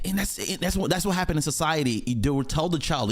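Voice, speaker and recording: A man hosting a reaction video, talking casually in an animated, rambling way with chuckling asides. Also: fairly high pitch, quick pace, hardly any pauses.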